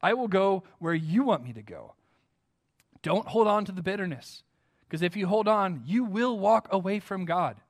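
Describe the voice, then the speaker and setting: A man's voice: high-pitched, expressive, normal speed. An American man preaching a sermon, earnest and emphatic, often putting direct questions to his listeners. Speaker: pastor.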